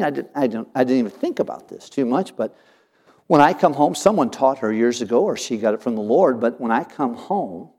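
Folksy male pastor, mellow voice. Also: mid-range voice, husky. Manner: folksy, homespun sayings with many restarts. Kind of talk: casual talk about counseling.

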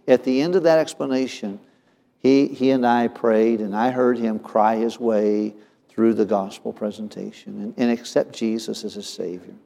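A man's voice: mid-range voice, creaky, dark tone. Earnest male pastor in a reverberant hall. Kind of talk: sermon storytelling.

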